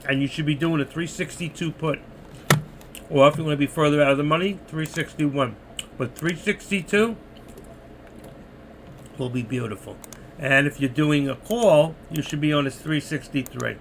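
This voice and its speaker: An older man with a thick New York accent talks his viewers through live trades, chatty and loose. His fairly high voice is gravelly and a little worn, as if he's losing it. A faint hiss sits under the recording. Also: fairly bright tone. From New York City. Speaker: trading live streamer. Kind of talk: live market commentary.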